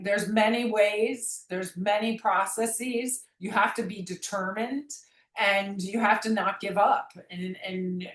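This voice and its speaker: Earnest, rambling woman in an echoey room. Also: mid-range voice. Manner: earnest, rambling, many restarts. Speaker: guest, memoir author. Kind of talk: reflective conversational interview.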